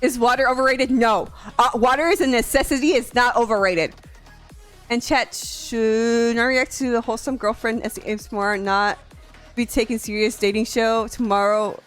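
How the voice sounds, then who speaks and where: A woman from Tennessee chatting casually with her stream viewers, soft-voiced, swearing freely and laughing often. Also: on the high side, fairly even intonation, normal speed, soft background music.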